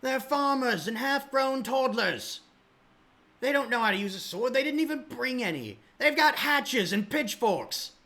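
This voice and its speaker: A man voicing a gruff, foul-mouthed army captain who rants and curses at his ally. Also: very high voice, expressive, measured pace, pitched above the performer's own voice, full character voice. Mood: furious. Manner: angry, cursing, shouting.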